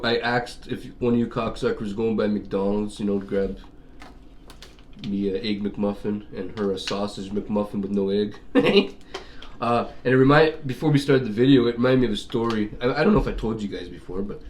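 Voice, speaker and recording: A man's voice: lowish voice, darkish tone, slight background noise. Profane rambling man. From Canada. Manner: profane, rambling storyteller with frequent laughs. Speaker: vlogger. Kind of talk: casual chat.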